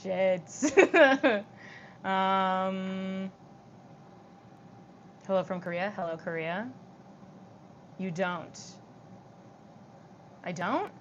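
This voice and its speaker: A young woman with vocal fry chatting on a livestream, reading comments out loud and answering them in a giggly, casual way. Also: mid-range voice, drawn-out words, long pauses, lo-fi sound, slight background noise.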